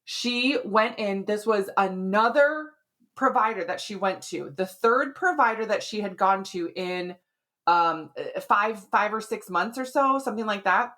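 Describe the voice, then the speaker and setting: A woman's voice: medium pitch, animated, unhurried, fairly bright tone. Chatty woman podcast host explaining health. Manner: chatty and explanatory, often adds "right?" and "like". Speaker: podcast host, women's hormone health expert.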